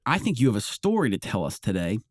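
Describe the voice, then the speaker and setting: A man hosting a podcast in casual chat, relaxed and rambling with lots of fillers. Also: on the low side, fast talker, no echo, studio quality. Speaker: podcast host.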